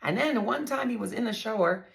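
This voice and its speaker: A woman's voice: on the high side, lively intonation, brisk, gravelly. A woman vlogger candidly telling her own story to her viewers, blunt and profane, often calling them y'all.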